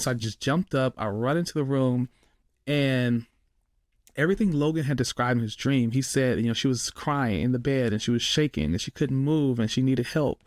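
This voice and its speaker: A man's voice: medium pitch, fairly quick, darkish tone, dry recording, clean studio sound. A middle-aged man telling a personal story in casual, rambling talk, full of fillers as a podcast guest. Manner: rambling, lots of "like" and "you know".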